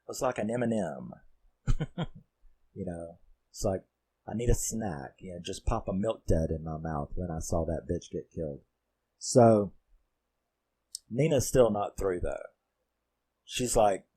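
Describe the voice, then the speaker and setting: Rambling horror reviewer, male, lowish voice, swears a lot and gets worked up. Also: lively intonation, measured pace, long pauses, dark tone, slight background noise. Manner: rambling, profane and fired up. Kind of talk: casual spoken film recap.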